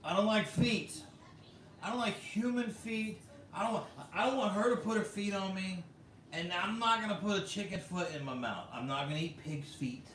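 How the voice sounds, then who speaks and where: A man's voice: sits high, moderate pace, fairly bright tone, far from the mic. An American man hosting a casual vlog, reading viewer comments in a chatty way with lots of fillers and laughs. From United States. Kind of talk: casual livestream chat. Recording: roomy echo, a bit off mic, faint background hum.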